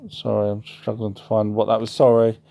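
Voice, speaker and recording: A man's voice: lowish voice, monotone, brisk, gravelly, warm tone, slight background noise. A man hosting a casual livestream, answering chat in a rambling way and often correcting himself. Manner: rambling, self-correcting, apologetic asides.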